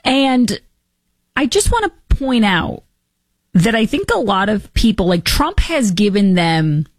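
A woman hosting political commentary, talking in a sarcastic, mocking and animated way. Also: medium pitch, a little slow.

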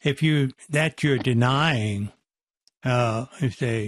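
A man at mid pitch talks through ideas in a conversational discussion, often halting on fillers and restarting his sentences. His voice is close to the mic with a dry, dead sound. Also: dry recording.

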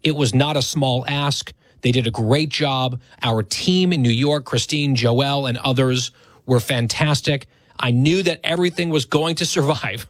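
A man's voice: medium pitch, moderate pace, dry recording. Dry-voiced male talk radio host. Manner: conversational, self-deprecating. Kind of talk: radio talk show monologue.

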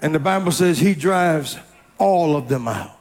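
A man preaching a storytelling sermon, animated and repetitive, often rising to a shout. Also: a little high, measured pace.

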